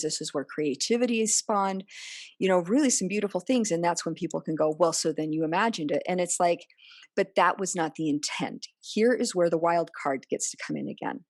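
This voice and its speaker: This woman has a somewhat low, slightly mellow voice, captured in a dry, studio-quality recording. As a podcast guest in a personal interview, she talks earnestly and frequently voices other people in remembered dialogue.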